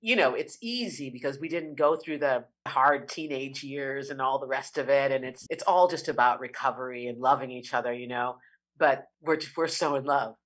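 A woman who is a singer, speaking as an interview guest and telling a heartfelt personal story, expressive and lingering on words. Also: a bass voice, normal speed.

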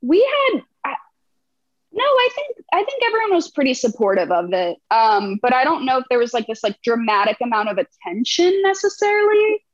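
A woman's voice: on the high side, very animated, a little fast, hardly any pauses, no echo. A young woman, a band's lead singer, chatting casually in an interview and telling stories with a laugh. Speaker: band frontwoman. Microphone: video call. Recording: muffled video call audio.

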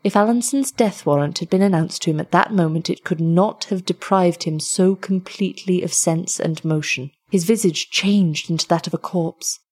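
Storyteller, female, low breathy voice, measured and expressive reading of an old tale.

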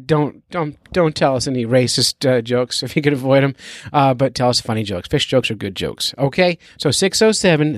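A man's voice: medium pitch, no echo, studio quality. A man hosting a fishing podcast, talking in a goofy, self-mocking, chatty way. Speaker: podcast host. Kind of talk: casual podcast intro.

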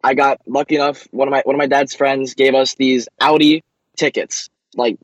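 A young man, a racing driver, answering interview questions eagerly, with many quick restarts. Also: medium pitch, level tone, no echo, dull audio.

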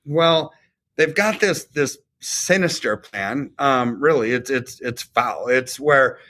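Casting: man, podcast co-host, mid-pitched, conversational explainer who leans on "right?". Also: slow pace, sharp tone. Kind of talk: casual commentary on economics.

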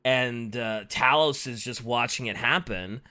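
A young man in casual conversation about a book, animated and acting out characters in quoted asides. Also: medium pitch, a little slow.

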